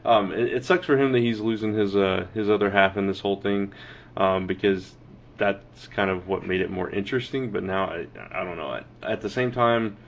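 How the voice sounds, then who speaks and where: A young man from Texas co-hosts a wrestling podcast in an easygoing, low voice, laughing often and restarting his sentences. The sound is dull and lo-fi, with a faint hiss behind him. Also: normal speed. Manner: relaxed, laughs easily, hedging restarts. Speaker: podcast co-host. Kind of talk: casual wrestling chat.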